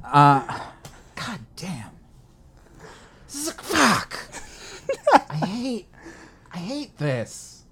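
A young man co-hosting a casual chat, complaining in a profane, exasperated, animated way. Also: sits high, extremely slow, long pauses. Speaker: podcast co-host. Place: lives in Midtown Manhattan.

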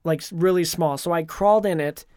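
A man co-hosting a podcast, telling a long dream in a rambling, animated way with lots of fillers. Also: a little high, fairly quick, clean tone, dry recording, clean studio sound. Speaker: podcast co-host. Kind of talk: casual chat, retelling a dream.

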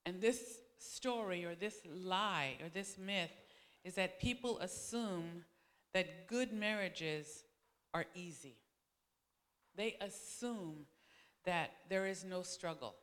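A woman's voice: lowish voice, slow, a bit bright, big-room sound. A woman pastor giving a sermon, telling stories in a loose conversational way with frequent restarts. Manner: conversational storytelling, many restarts.

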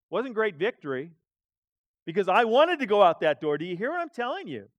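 A man preaching a sermon as pastor, animated, with dramatic swings between quiet asides and loud emphatic lines. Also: fairly high pitch, a little fast, no echo, muffled recording.

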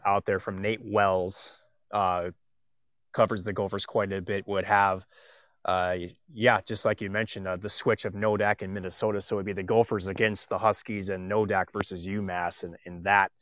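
Low-voiced man with wry asides. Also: flat delivery, moderate pace, a bit bright, dry recording, studio quality. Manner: wry, joking, heavy on fillers. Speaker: co-host. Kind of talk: casual sports talk.

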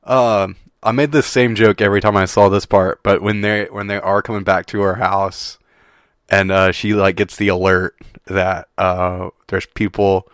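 Low-voiced man laughing through casual chat. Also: flat delivery, a little slow, fairly bright tone, smooth, no echo, clean studio sound. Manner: laughs often, chatty and amused. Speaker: podcast co-host.

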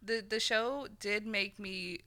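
A woman's voice: mid-range voice, slow pace, bright, forceful tone. A woman filling in as guest co-host on a casual podcast, easygoing and giggly. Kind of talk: casual chat.

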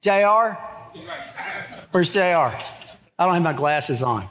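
A man's voice: a little high, lively intonation, slow, a bit bright, slight background noise. A middle-aged man preaching a sermon in a church, conversational, with joking asides to the congregation. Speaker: pastor. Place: church sanctuary.

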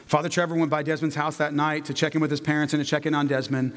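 A man's voice: on the high side, little pitch movement, fast talker, few pauses, long reverb tail. Man telling a story in a sermon. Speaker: preacher.

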